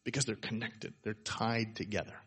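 Guy preaching a laid-back sermon to a church crowd, bright slightly husky voice, keeps asking right?. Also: lowish voice, steady tone, moderate pace. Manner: emphatic, informal, frequent "right?" asides. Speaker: pastor. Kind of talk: conversational sermon. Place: church service before a congregation.

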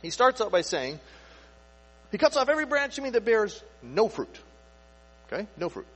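A man preaching a sermon in a relaxed, conversational way, asking rhetorical questions and acting out people's inner thoughts. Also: sits high, moderate pace, husky. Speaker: pastor. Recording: echoey hall with faint mains hum. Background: faint mains hum.

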